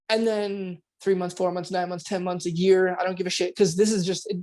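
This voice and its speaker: A man, a performance coach, talking casually on a podcast from home at night, keeping his voice a bit quiet as he acts out quoted inner voices and swears now and then. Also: high voice, steady tone, fairly quick, hardly any pauses.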